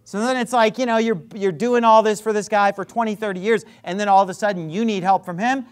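A male pastor delivers a fiery sermon with a sarcastic, combative edge. He leans hard on emphatic phrases, then drops into quick, quiet asides to the congregation. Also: high voice, steady tone. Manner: sarcastic, combative, swings between loud emphasis and muttered asides.

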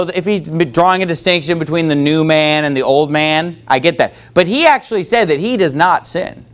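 A man with a high voice preaches a sermon as a pastor, quoting scripture and asking his congregation questions. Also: a bit bright. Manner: preaching with call-and-response from the congregation.

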